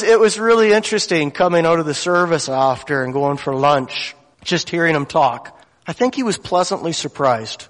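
Folksy man preaching in a church. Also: on the high side. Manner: folksy, conversational asides. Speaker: lay preacher. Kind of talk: sermon storytelling. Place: church sanctuary. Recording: long church hall reverb.

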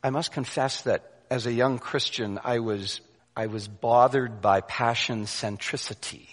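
A male preacher giving a sermon, animated and acting out voices, then dropping to hushed emphasis. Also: medium pitch, a little slow. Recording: long hall reverb.

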